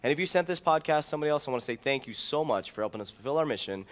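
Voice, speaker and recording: A man hosting his own motivational podcast as a health and mindset coach, talking with big swings of pitch and loudness and repeating key lines for emphasis. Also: lively intonation, racing, big-room sound. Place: indoor room with a whiteboard.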